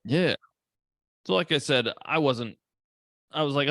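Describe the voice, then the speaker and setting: A man co-hosting a casual movie podcast, animated and profane, acting out characters' lines as he talks. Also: mid-range voice, a little slow, no echo, studio quality. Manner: animated, swears a lot, acts out characters' lines. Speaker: podcast co-host.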